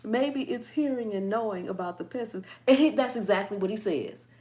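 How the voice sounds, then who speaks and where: A woman's voice: mid-range voice, animated, normal speed, a little mellow. A woman hosting a gardening channel, chatting casually and reading viewer comments, playful and laughing often.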